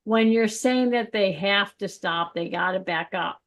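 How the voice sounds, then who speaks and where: A woman co-hosting a spiritual podcast in casual chat, telling stories with lively quoted voices. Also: mid-range voice, a little slow. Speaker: podcast co-host.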